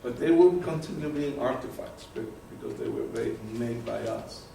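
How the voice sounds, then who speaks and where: A man giving a live talk to an audience, animated and often repeating words as he searches for terms. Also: mid-range voice, moderate pace, gravelly, a little hiss or hum. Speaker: presenter. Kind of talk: live lecture with audience questions. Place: meeting room with an audience. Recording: very echoey room from far off.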